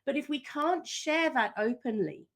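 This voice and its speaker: Brief: middle-aged woman coach, podcast guest, lively storyteller who acts out her quotes. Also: high-pitched, normal speed. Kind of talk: podcast interview.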